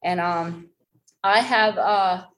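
A woman's voice: takes it slowly, poor audio. A woman in her forties telling a personal story in a rambling, self-deprecating way, full of fillers and restarts, acting out what others said. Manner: acts out quoted voices with big pitch jumps. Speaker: speaker sharing a personal story.

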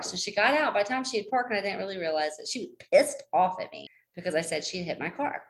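A woman's voice: lively intonation, fast, hardly any pauses, low-quality recording. A woman in her forties telling a personal story in a rambling, self-deprecating way, full of fillers and restarts, acting out what others said. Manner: acts out quoted voices with big pitch jumps. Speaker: speaker sharing a personal story.

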